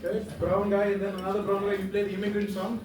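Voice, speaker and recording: A male comedian spins a long, winding story at a pub comedy night, tossing in deadpan asides. His voice sits high. It rings out in a reverberant room, caught from some distance. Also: quick pace, crowd noise. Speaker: stand-up comedian. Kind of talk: stand-up storytelling. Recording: echoey pub room, far mic.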